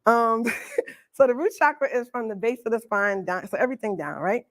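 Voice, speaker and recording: A woman coaching a live Reiki workshop, chatty and quick to laugh, with casual slang as she walks a group through a demonstration. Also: on the high side, lively intonation, no echo. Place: workshop room with an audience.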